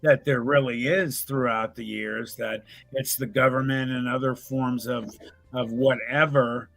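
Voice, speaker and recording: A man's voice: medium pitch, fairly even intonation, a little slow, gravelly, fairly bright tone, no room sound. A man on a podcast panel musing agreeably about the topic at hand. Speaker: panel guest. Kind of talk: casual panel talk.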